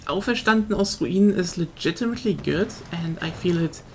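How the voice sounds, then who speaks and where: Rambling German-accented woman with a low voice. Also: animated, a little fast, darkish tone, slight background noise. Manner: rambling, swears casually, frequent restarts. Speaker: streamer. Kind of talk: casual stream chat.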